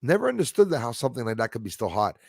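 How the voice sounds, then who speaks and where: A man's voice: medium pitch, very animated, racing, vocal fry, darkish tone, slightly rough, dry recording, studio quality. A man hosting a casual livestream, chatting with viewers by name and often stumbling over his words. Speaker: livestream host reading chat.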